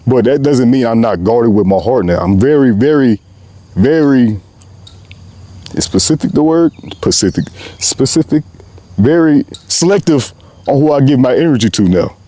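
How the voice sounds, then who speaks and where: Passionate rambling young man, mellow voice. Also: mid-range voice, animated, normal speed. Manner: passionate, rambling, slangy, often says "bro". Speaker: podcast host. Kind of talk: unscripted heartfelt monologue.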